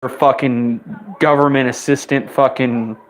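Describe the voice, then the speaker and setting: A man's voice: medium pitch, fairly even intonation. Young man ranting with heated profanity. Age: 20s. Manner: heated, rapid-fire swearing, voice spiking up when riled. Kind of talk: angry profane rant to the camera.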